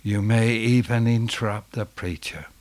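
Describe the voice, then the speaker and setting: A man preaching a sermon as dramatic storytelling, dropping to a hush and then rising to loud outbursts. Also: lowish voice, fairly even intonation, a little slow.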